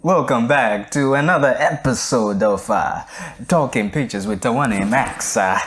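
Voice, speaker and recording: A woman putting on a poor Italian accent to open a podcast episode, halting with fillers. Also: rumbling low. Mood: hammy. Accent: Italian (put on, poorly). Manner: halting, filler-heavy delivery. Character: hammy woman host in a put-on Italian accent.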